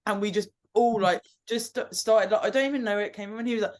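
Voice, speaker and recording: A woman's voice: mid-range voice, quick pace. A woman hosting a casual group chat, telling stories with lots of swearing and laughter. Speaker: host.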